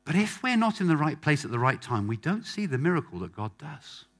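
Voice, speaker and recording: Animated preacher man, lively pitch. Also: brisk. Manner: emphatic, repeats phrases for effect. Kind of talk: sermon. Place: church hall with a live congregation.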